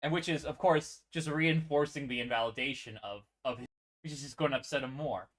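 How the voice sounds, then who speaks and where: A man hosting a casual commentary stream, talking in an animated, profane way. He laughs often and keeps restarting his sentences with plenty of fillers. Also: mid-range voice, brisk. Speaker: show host.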